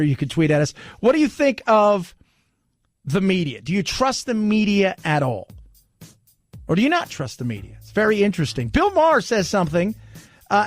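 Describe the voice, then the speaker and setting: A middle-aged man hosting a casual talk radio show, rambling and animated, reading ads and chatting. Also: high-pitched, no echo. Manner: rambling, animated, mimics voices.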